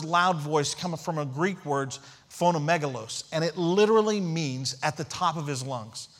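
A man's voice: a little high, fairly bright tone. A man preaching a sermon as pastor, emphatic, repeating key phrases and asking rhetorical questions.

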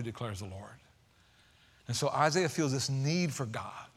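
A man pastor preaching a sermon, energetic and casual, with slang asides to the congregation. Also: medium pitch, moderate pace.

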